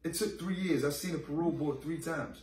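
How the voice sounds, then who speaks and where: A man's voice: a little high, brisk, far from the mic, a crowd in the background. A man in his late thirties, a podcast interview guest, telling his story in blunt, profane street talk and acting out the voices of others. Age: 30s. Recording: roomy echo, off-mic, faint ambience.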